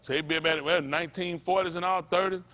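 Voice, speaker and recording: A man's voice: on the high side, fairly even intonation, quick pace, pushed and bright. A male pastor preaching a fiery, blunt sermon, full of profanity and call-and-response asides.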